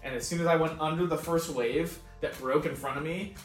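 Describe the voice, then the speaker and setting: A young man with a slightly high voice tells a loose, swearing story and laughs his way through it. He sounds set back from the mic in an echoey room. Faint music plays underneath. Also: fairly even intonation, brisk, distant mic. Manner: laughing often, swearing, quoting himself. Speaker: podcast co-host. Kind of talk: casual storytelling.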